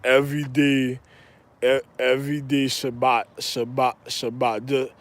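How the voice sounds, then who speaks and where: A man's voice: medium pitch, little pitch movement, a little slow. A man telling rambling stories in a casual monologue, laughing through his words and repeating himself. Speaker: storyteller.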